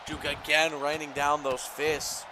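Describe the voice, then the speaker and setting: A man doing play-by-play commentary over a video game wrestling match, calling moves quickly and getting louder at near-falls. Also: on the high side, noisy background. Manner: rapid play-by-play calls, rising excitement at near-falls.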